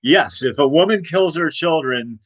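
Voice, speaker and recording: A man's voice: a little high, expressive, normal speed, no room sound, low-quality recording. Agitated rambling man ranting. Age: 40s. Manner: rambling, repetitive, agitated, many restarts. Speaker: host. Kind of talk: late-night ranting monologue.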